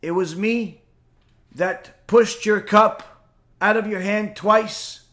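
A man's voice: high-pitched, steady tone, slow pace, a bit bright. A man voicing the ghost of a dead midwife, a tormented, pleading woman confessing an old wrong, barely altering his own voice.

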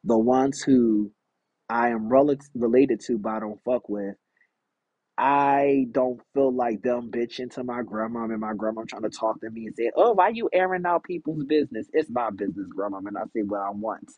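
Husky man in a candid solo podcast. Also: mid-range voice, steady tone, moderate pace, no echo, muffled recording. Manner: rambling, confessional and frank. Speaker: podcast host. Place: outdoors in a backyard.

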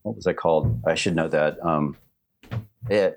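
Very low-voiced man telling rambling stories. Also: normal speed, creaky, darkish tone, soft background music. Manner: rambling, many restarts and fillers. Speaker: animator guest telling stories. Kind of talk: casual storytelling on a livestream.

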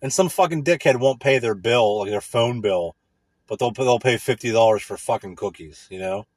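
A man's voice: medium pitch, moderate pace, breathy edge, dry recording. A man hosting a music show, chatting casually in a crude, profane, rambling way with lots of restarts. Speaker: radio music show host.

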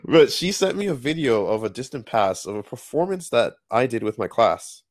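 A man co-hosting a podcast, chatting casually in a playful, animated way with lots of metaphors. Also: mid-range voice, moderate pace, dry recording, clean studio sound. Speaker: podcast co-host.

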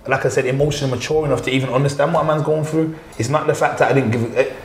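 Man talking fast and serious, low voice, roomy echo. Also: steady tone, slight background noise. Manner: earnest, emphatic, says bro a lot. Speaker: podcast guest. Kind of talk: casual chat.

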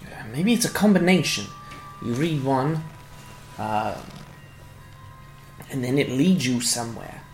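A tabletop player thinks aloud through ideas, pausing with "uh" as thoughts form. The voice sits in a roomy echo. Faint music plays underneath. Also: medium pitch, expressive, a little mellow. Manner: thinks aloud with "uh" and loose musings. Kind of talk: casual tabletop game play. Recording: echoey room with faint music.

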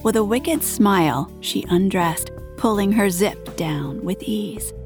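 Soft-voiced woman reading an erotic story. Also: medium pitch, animated, slow, music in the background. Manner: soft, intimate, often half-whispered. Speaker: narrator.

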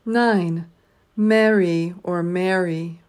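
A woman teacher reading out a spelling word list, saying each word twice in a slow, deliberate way. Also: lowish voice, fairly even intonation, a little mellow.

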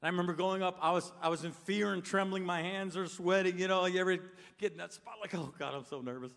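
A man's voice: sits high, flat delivery, quick pace, gravelly, fairly bright tone. An older man preaching a sermon in a church, telling stories and asking the crowd questions. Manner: storytelling, asks the crowd questions. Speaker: pastor. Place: church sanctuary. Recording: long reverb of a big hall.

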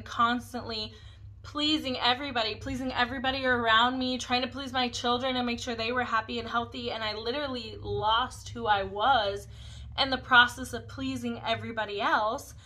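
A woman's voice: fairly high pitch, fairly even intonation, normal speed, sharp tone, low-quality recording. A woman in her thirties hosting a podcast, talking candidly and a little ramblingly about her own life. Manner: candid, rambling, self-reflective. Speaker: podcast host. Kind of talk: casual personal monologue.

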